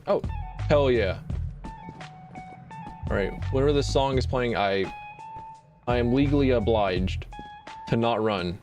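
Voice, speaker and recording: A man's voice: mid-range voice, a little slow, pauses often, a little mellow. A young man from the American South streaming a game, joking and swearing as he talks to himself and his chat. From Southern United States. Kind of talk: casual gaming stream commentary. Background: game music.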